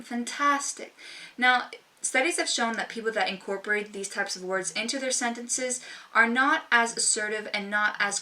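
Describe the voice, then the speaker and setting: Sassy young woman vlogging, bright voice. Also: mid-range voice. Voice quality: sassy, emphatic and informal. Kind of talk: casual talk to camera. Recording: voice slightly distant from mic.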